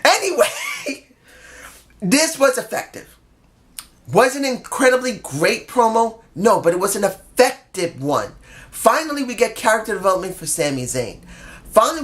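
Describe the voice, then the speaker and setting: A man's voice: sits high, a bit bright. A man giving a casual video review of a wrestling show in a rambling, jokey, self-deprecating way.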